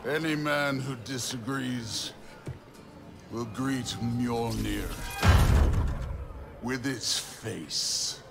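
Thor, a gravelly thunder god. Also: male voice, mid-range voice. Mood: boastful, menacing. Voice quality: gravelly, slow and commanding. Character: boastful brutish male thunder god, menacing. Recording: loud game music behind.

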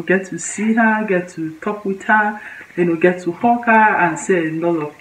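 A Nigerian woman with a Nigerian English accent, chatting heartfelt and directly to her viewers in a casual vlog from her home kitchen. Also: low voice. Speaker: vlogger. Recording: echoey room with loud background noise.

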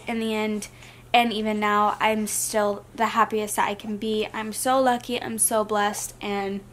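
A young adult woman vlogger talking casually to the camera in a chatty, rambling, soft-spoken way. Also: fairly high pitch.

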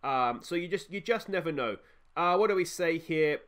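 An Australian man hosts a football management game playthrough, commentating like a fan in the stands. His voice sits a little higher than most men's. He groans at missed chances and breaks into excited shouts at the big moments. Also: normal speed. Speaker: gaming video host.

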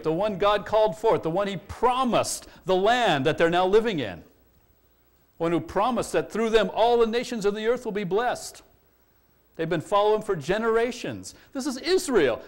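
A man preaching a sermon, explaining a Bible passage verse by verse and acting out its quotes with energy. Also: high-pitched. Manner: expository preaching, animated when quoting scripture. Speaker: pastor.

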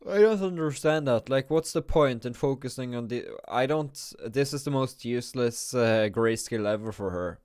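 A man's voice: mid-range voice, lively intonation, moderate pace, few pauses, a little mellow, smooth, no echo, studio quality. Drowsy man rambling through game commentary. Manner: rambling, thinking aloud with frequent restarts. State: drowsy, just woke up and yawning. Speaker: gaming video creator.

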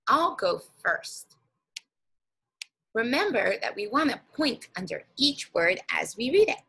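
A woman teacher leading a guided reading lesson for young children, speaking slowly and encouragingly and stretching out words. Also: fairly high pitch, big pitch swings, gravelly, a bit bright, slightly rough, low-quality recording.

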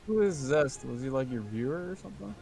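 A man's voice: mid-range voice, animated, brisk, gravelly, mellow, faint music behind. A man on a gaming voice chat, curious and chatty. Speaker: gamer on voice chat.

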